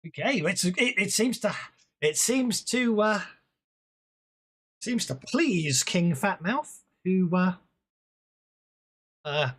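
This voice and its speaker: A game master running an online tabletop game, chatting with fillers and muttering while fixing the software. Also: medium pitch, big pitch swings, slow, long pauses.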